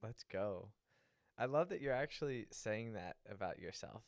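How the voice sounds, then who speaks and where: Supportive podcast co-host, smooth but gravelly voice, dry close sound. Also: mid-range voice, lively intonation, normal speed, no echo. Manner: supportive, brief affirmations. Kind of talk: casual chat.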